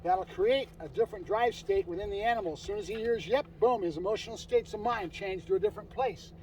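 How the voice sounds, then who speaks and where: A high-voiced man explains dog training in an emphatic, informal way, often tagging his points with "right?". He stands some distance from the microphone outdoors. Faint traffic hums in the background. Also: fast talker, darkish tone. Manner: emphatic, keeps asking "right?".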